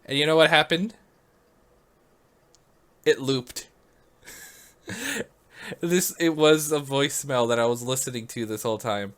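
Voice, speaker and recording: A man's voice: mid-range voice, measured pace, long pauses, a bit bright. A man vlogging casually, rambling through a story with lots of "like" and frequent laughs.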